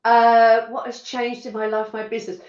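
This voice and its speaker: Woman guest with a Suffolk twang, chatty, laughs easily, slightly high voice on a dull, roomy call line. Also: monotone, a little mellow. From rural Suffolk, England. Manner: chatty, laughs often, halting restarts. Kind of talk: casual interview chat.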